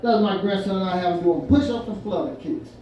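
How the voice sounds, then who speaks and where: A man's voice: high voice, quick pace, dark tone. Older man telling stand-up stories. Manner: folksy, laughs at own punchlines. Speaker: stand-up comedian. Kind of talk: stand-up storytelling. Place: winery event room with live audience. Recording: echoey room from far off, crowd laughter.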